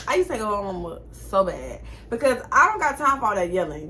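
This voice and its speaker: Bright-voiced young woman telling a story. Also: medium pitch, fast, hardly any pauses, slight background noise. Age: 20s. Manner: animated, chatty, swears freely. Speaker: vlogger. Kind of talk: casual storytime.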